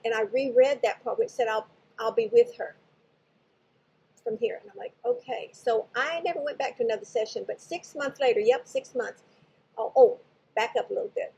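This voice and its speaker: A woman's voice: fairly high pitch, warm tone, slightly rough, low-quality recording. An older woman casually telling a personal spiritual story, rambling and often correcting herself as she goes. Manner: rambling, digressive, self-correcting. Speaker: spiritual channel host.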